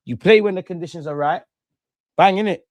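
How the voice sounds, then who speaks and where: Give me an excitable young man in his own voice, trading banter with his chat during a live football match, in a dry, close recording. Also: high-pitched, brisk, dry recording. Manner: excitable, banter-heavy, trash-talking. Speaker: streamer hosting a football watch-along. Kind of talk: casual live commentary, chatting with viewers.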